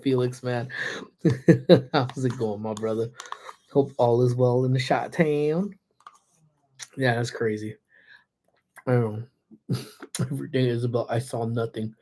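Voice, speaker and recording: A man with a slightly hoarse throat, chatting casually on a livestream, greeting viewers by name and laughing often while parked in his car. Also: mid-range voice, dark tone, a little hiss or hum. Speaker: livestreamer who also teaches classes. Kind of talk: casual livestream chat reading viewer comments.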